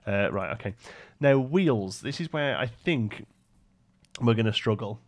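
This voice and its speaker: A man's voice: lowish voice, lively intonation, a little slow. Chatty male game streamer thinking aloud. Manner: thinks aloud, answers chat, frequent fillers. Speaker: live-streamer building in a park-building game. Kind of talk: casual live-stream commentary.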